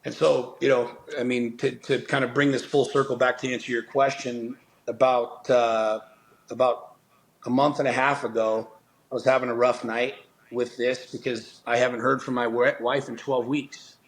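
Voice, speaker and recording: A man's voice: medium pitch, little pitch movement, normal speed, rough recording. A middle-aged man telling a personal story as a podcast guest, earnest and intense, swearing often and restarting his sentences. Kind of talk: storytelling in conversation.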